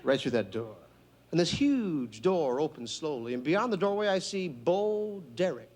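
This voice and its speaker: A male stand-up comedian doing a routine on a TV stage, talking in a deliberate, emphatic, mock-instructional way. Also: on the high side, sing-song, darkish tone. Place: TV studio stage with live audience.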